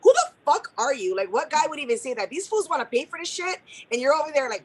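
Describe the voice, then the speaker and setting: A woman co-hosting a radio chat, telling personal stories in an animated, profane way. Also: sits high, fast talker, no echo. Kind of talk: casual storytelling chat.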